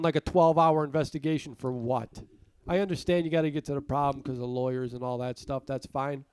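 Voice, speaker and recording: A man's voice: mid-range voice, fairly even intonation, brisk, a little mellow, clear, resonant tone, dry recording. A man co-hosting a podcast, ranting with a lot of profanity in casual chat and sounding congested. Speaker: podcast co-host.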